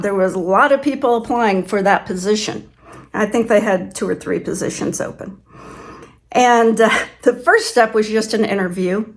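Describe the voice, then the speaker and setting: An older woman from Kansas, telling stories in a casual vlog, chatty and laughing often as she acts out quoted voices. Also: on the high side. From Kansas, USA. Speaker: channel host. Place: farm home.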